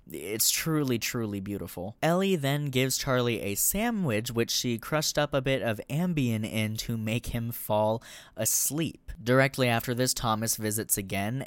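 Smooth-voiced young man reviewing films. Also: mid-range voice, no room sound. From Colorado, raised in the US Deep South. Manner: frank and digressive, swears casually. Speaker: podcast host. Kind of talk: casual film review.

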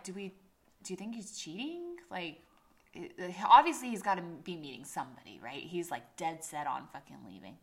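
Woman podcast co-host; casual storyteller, profane, gets loud when quoting people. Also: on the low side. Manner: animated, swearing often, acts out quotes loudly.

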